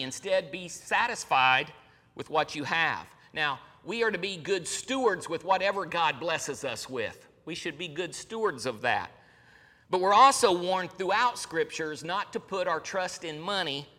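Man, middle-aged pastor, sermon, emphatic, high voice, long hall reverb. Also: sharp tone. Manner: emphatic preaching, repeating words for weight.

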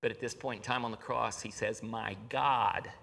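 A man's voice: mid-range voice, level tone, fast, vocal fry. Earnest preacher man in a reverberant hall. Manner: earnest preaching, swings from raised to hushed delivery. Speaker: pastor. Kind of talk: sermon. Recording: long reverb of a large hall.

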